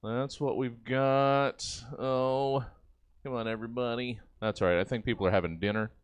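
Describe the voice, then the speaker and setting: A man on an improv comedy live stream, reading viewer suggestions aloud with a lively, laughing manner over a video call. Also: mid-range voice, normal speed, smooth, no echo, dull audio.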